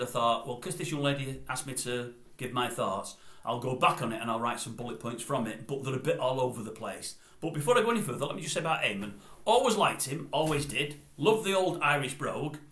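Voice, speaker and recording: A man's voice: medium pitch, expressive, fairly quick, a bit bright. Rambling older man. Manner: rambling, digressive, opinionated. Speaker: YouTube commentator. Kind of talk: casual opinion vlog. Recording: roomy echoey room.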